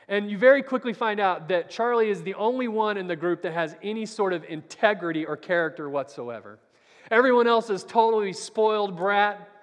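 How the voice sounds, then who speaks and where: 男性布道者，教堂大厅长回声. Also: male voice, high-pitched. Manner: storytelling, earnest, swings from loud to very soft. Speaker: preacher. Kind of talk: Sunday Bible class sermon. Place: church. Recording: long church hall reverb.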